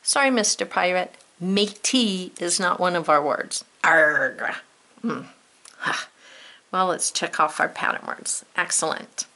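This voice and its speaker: A woman's voice: fairly low pitch, a little slow, creaky, bright, forceful tone. A woman teacher giving a spelling lesson to children, playful and drawn out, with teasing asides.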